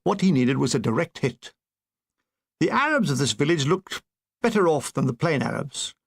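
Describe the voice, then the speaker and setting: A man reading a comic war memoir aloud, landing his puns with deadpan timing. His voice sits high and has a gravelly rasp. His pitch moves around a great deal. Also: moderate pace. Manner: deadpan, playful punning delivery. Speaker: narrator.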